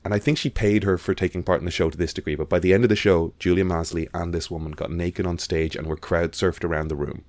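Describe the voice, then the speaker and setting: A man's voice: low voice, steady tone, fast talker, hardly any pauses, a little mellow, no echo. A man in casual chat, animatedly telling a story and acting out the voices of the people in it. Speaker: podcast guest.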